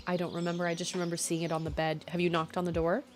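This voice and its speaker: A woman's voice: fairly low pitch, monotone, racing, soft background music. A young adult woman streamer chatting casually while playing a game, thinking aloud and laughing easily. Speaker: gaming streamer. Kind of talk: casual chat while gaming.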